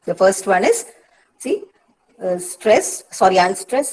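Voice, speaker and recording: A woman's voice: mid-range voice, big pitch swings, slow, poor audio. Patient Indian English woman teaching. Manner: patient, repeats points, frequent "uh" and "see". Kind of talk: online lecture on poetic meter.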